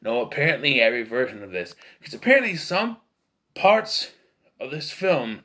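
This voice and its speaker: Male film reviewer, casual and opinionated, with a tense edge and pitch that jumps all over. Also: big pitch swings, moderate pace, pushed and bright. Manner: rambling, opinionated, with frequent fillers and restarts. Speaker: movie reviewer.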